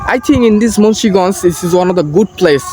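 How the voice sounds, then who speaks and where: High-voiced Bangladeshi man vlogging outdoors. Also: lively intonation. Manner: earnest, halting learner's English with restarts. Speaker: vlogger practicing English. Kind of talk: casual walking vlog. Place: outdoors by paddy fields and a canal. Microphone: phone on a selfie stick. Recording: noisy outdoor phone recording.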